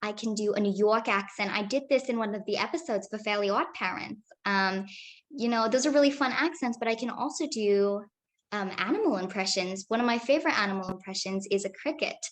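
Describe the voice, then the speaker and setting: A woman's voice: mid-range voice, a little fast. A teenage girl, a young actress, answering interview questions in a chatty, upbeat way with many fillers.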